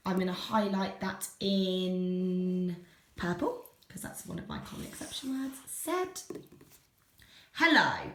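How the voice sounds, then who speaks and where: Woman, primary teacher, bright voice, clear slow sounding-out of letters, phonics lesson. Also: on the low side, very animated, roomy sound.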